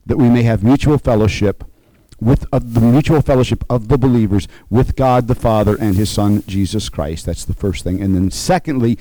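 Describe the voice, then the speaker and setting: A man preaching a conversational sermon, slowing and rising to stress key points and checking in with his listeners. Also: on the low side, warm tone, low-quality recording. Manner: conversational preaching, frequent "okay?" check-ins. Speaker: pastor.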